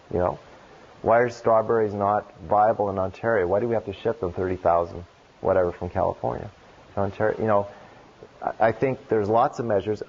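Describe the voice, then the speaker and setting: Earnest rambling man, husky lo-fi recording. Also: on the low side, darkish tone. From Canada. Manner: earnest, rambling, with restarts and rhetorical questions. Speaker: keynote speaker. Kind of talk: conference Q&A answer. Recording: dull lo-fi lecture recording.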